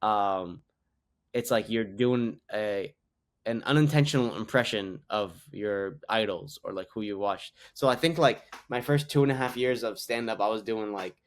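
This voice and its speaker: His voice sits lowish and keeps a moderate pace as this twenty-something Canadian comedian rambles through anecdotes on a podcast. The storytelling is casual, and "like" comes up constantly.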